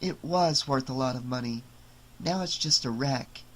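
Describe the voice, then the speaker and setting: A man voicing a young wife who speaks softly and teases her husband gently. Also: high-pitched, lively intonation, normal speed, pitched above the performer's own voice. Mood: affectionate. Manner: soft, raised, gently teasing. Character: warm young wife, crafty and affectionate.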